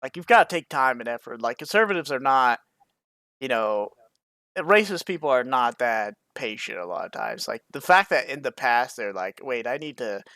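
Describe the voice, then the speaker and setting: A man's voice: medium pitch, expressive, normal speed, pushed and bright, no room sound. Rambling, laughing podcast guy. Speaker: podcast co-host. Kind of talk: casual comedic chat.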